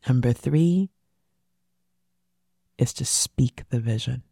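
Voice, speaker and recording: Gravelly, emphatic motivational podcast host. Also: mid-range voice, takes it slowly, dark tone, dry recording, clean studio sound. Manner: emphatic, repeats key phrases, drops into whispers for emphasis.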